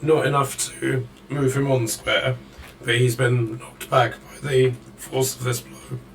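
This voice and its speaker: A man running a tabletop game as dungeon master, calling out the action in a measured play-by-play. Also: medium pitch, level tone, creaky, recorded from a distance, a little hiss or hum, poor audio.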